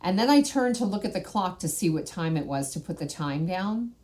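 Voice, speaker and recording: A woman's voice: fairly low pitch, expressive, a little fast, a little mellow. Chatty woman sharing a testimony. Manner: conversational, frequent "like" and "right?". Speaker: channel host sharing a spiritual testimony. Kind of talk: personal testimony to camera.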